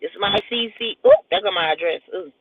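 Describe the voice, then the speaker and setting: A man's voice: high voice, a little fast. A man hosting a casual livestream, rambling and joking with frequent laughter. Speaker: livestream host. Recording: tinny phone-like audio with faint hiss.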